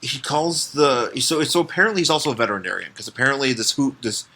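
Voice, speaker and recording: Lively guy on a comics podcast, bright voice, swears and laughs a lot, does goofy voices. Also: medium pitch, fast, slight background noise. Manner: animated, swearing, laughing, acts out silly voices. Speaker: podcast co-host. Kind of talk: casual chat about comics.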